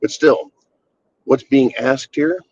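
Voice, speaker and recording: A man's voice: mid-range voice, steady tone, slow pace, a little mellow, dull audio, slight background noise. A man hosting his own channel, ranting bluntly and with exasperation, swearing freely. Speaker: channel host. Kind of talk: casual political rant.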